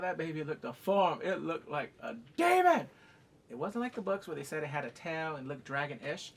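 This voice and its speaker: A man recapping a TV episode in a loose, profane way, acting out each scene as he goes. His voice sits a little high and swings widely in pitch, so the delivery sounds lively and animated. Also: a little fast. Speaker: TV show reviewer.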